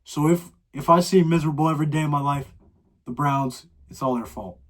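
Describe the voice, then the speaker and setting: A man's voice: a little high, brisk. Exasperated teen boy ranting on a podcast. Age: teens. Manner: exasperated, dramatic complaining. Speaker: podcast host. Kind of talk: solo podcast rant.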